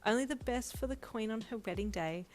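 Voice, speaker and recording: A woman's voice: on the high side, brisk, voice pushed up, close to an everyday voice. A woman voicing a sassy, dramatic, flamboyant male best friend in a storybook reading. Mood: proud.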